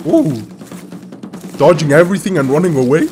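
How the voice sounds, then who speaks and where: A man hosting a reaction video, exclaiming and laughing often as he comments excitedly. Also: a little high, moderate pace, faint music behind.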